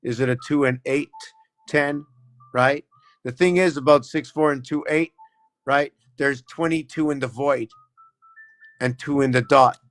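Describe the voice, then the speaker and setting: Filmed on a phone camera, a male livestream host loosely rambles through explanations of numbers and letter shapes, constantly checking in with "right?". His mid-range voice is steady and a bit bright, a little slow with long pauses, on a dry recording.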